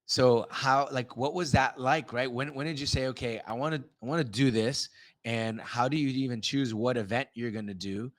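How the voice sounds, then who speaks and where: A man hosting a podcast interview, talking in a relaxed way with many fillers. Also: mid-range voice, normal speed, dry recording. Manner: relaxed, lots of fillers like "you know" and "right". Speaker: podcast host. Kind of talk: casual interview.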